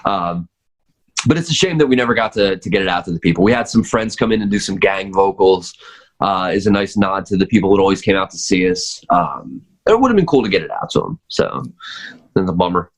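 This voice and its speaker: A man's voice: sits low, very animated, fairly quick. A man who is a drummer, chatting as a podcast guest, rambling with lots of fillers and restarts. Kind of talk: casual chat.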